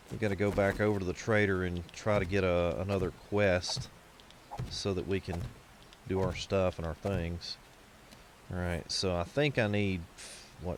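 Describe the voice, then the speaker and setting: A man's voice: low-pitched, a little hiss or hum. A man, streaming a game live and chatting to his viewers in a folksy, rambling way, a bit foggy after being ill. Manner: folksy, rambling, sings snatches and laughs at own jokes.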